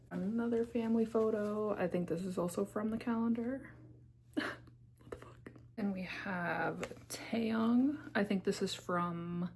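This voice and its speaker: A woman's voice: medium pitch, creaky, darkish tone, a little hiss or hum. A young woman giving a casual, candid tour of her bookshelves, swearing freely as she talks. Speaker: book vlogger. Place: home room by her bookshelves. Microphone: camera on tripod.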